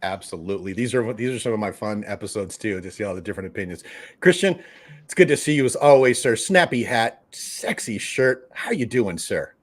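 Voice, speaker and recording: A man hosts the live stream of a collectibles show, chatting casually, joking, and greeting viewers from the chat by name. His voice is fairly low with lively intonation and a slightly fast delivery.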